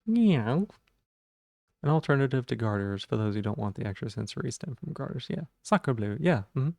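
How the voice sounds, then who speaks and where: A man's voice: mid-range voice, quick pace, creaky, darkish tone, no room sound, clean studio sound. A man streaming live, chatting casually and playfully while he repeats silly puns and rambles.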